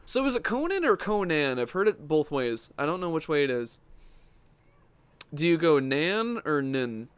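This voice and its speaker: A young man streams a fighting game and chats with his viewers the whole time, quick to get excited and laugh. His voice sits a little high and sounds smooth and clear. It is recorded close on a desk mic, dry, with no room sound. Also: no room sound. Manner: chatty and excitable, talks to chat, laughs often. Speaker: gaming livestreamer. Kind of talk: casual live gameplay commentary.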